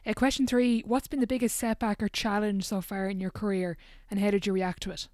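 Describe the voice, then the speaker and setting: A woman's voice: medium pitch, level tone, brisk, a little mellow, no echo. Chatty woman podcast host, dry sound. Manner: chatty, uses filler "like" often. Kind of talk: casual podcast interview.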